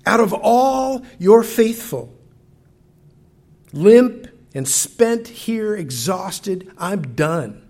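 A preacher voicing a desperate, exhausted old prophet who feels abandoned and pleads in anguished outbursts. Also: male voice, high-pitched, big pitch swings, slow pace, fairly bright tone, voice pushed up, exaggerated voice. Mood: anguished pleading.

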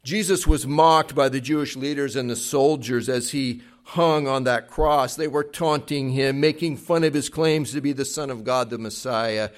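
A man preaching a sermon in an earnest, emphatic way, at times dropping to a hushed tone. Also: mid-range voice, normal speed, few pauses. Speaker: pastor.

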